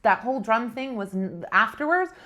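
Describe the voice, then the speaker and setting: A woman's voice: fairly high pitch, lively intonation, normal speed, sharp tone. Chatty, laughing woman telling a story. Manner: chatty, laughing, self-mocking. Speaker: spiritual vlogger. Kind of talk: casual storytelling vlog.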